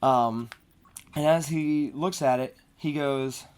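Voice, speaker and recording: A woman's voice: low voice, takes it slowly, a little mellow, clear, resonant tone. A woman narrating a tabletop game as game master, with a scratchy throat and a hesitant delivery full of fillers. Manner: hesitant, many fillers and restarts.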